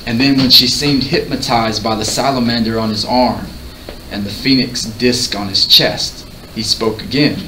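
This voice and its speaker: A man reading a novel aloud in a measured, expressive way. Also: medium pitch. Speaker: audiobook reader. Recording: roomy, distant mic, faint hiss.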